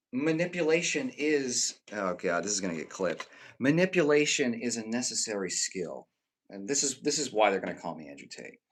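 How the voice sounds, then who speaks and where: Man, live streamer, casual chat, somewhat low pitch, rambling, swears, emphatic then muttering. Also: a bit bright. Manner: rambling and conversational, swears freely, with many restarts; swings between emphatic bursts and low muttered asides. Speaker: live streamer chatting with viewers.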